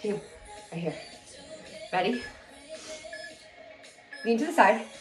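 A woman's voice: mid-range voice, slow pace. Woman instructor leading cardio, slightly out of breath, hypes everyone up, music playing faintly behind. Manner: energetic, counts reps and cheers on. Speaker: fitness instructor. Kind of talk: coaching a workout. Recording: echoey room with music.

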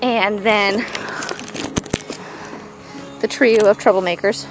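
A woman's voice: medium pitch, unhurried, music in the background, low-quality recording. Breathless woman cooing at farm animals. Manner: chatty, coos baby talk at the animals. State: out of breath from walking in the heat. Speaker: homesteader showing her farm animals. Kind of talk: casual farm tour vlog. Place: outdoors on a farm pasture.

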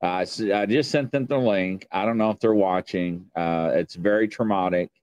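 A man with a Southern US accent hosting a talk show, chatty and lively. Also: fairly low pitch, normal speed, smooth. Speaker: host.

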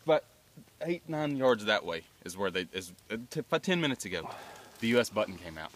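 A man's voice: lowish voice, very animated, a little fast. A man talking casually outdoors as a digging partner, congratulating his friend and retelling what just happened. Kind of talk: casual chat. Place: outdoors at a dig site.

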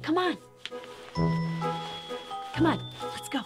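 A woman's voice: high-pitched, big pitch swings, drawn-out words. Sing-song woman hosting a toddler show. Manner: gentle, sing-song, exaggerated wonder. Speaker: children's show host. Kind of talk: children's show presenting. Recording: music under voice.

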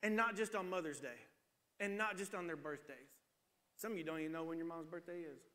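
In a big church sanctuary, a man in his forties delivers a sermon full of funny storytelling, putting on voices for the characters. He speaks briskly, with a fairly high pitch and a sharp edge that carries through the large hall.

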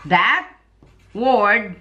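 A Filipina woman with a Filipino accent chatting casually in a vlog, telling stories in an animated way. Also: medium pitch, extremely slow, muffled recording, slight background noise. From Philippines. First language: Tagalog. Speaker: vlogger. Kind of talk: casual chat.

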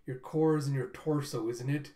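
A man voicing an angry male monster-fighter hero in flat, low quoted lines. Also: moderate pace, close to an everyday voice. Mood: determined. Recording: roomy echo.

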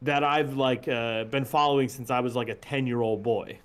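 A man chatting casually as a podcast guest, animated and quick to laugh, often swearing. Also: medium pitch. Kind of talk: casual chat.

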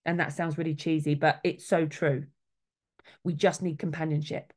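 A woman's voice: deep voice, little pitch movement, normal speed. Earnest woman talking about end-of-life care. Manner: earnest, warm storytelling with acted-out quotes. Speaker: soul midwife, guest speaker.

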